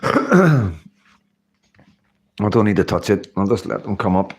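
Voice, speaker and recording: Middle-aged guy rambling on his live stream, lowish voice, laughs a lot. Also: big pitch swings, measured pace, pauses often, slightly rough. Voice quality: rambling, chatty, laughs often. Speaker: livestream host. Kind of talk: casual live-stream chat.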